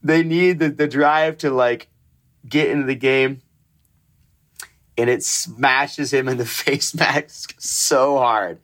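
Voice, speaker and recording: A man's voice: mid-range voice, steady tone, fairly bright tone. Laughing, swearing sports podcast guy. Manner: laughs often, swears, quick storytelling asides. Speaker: podcast co-host. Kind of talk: casual sports chat.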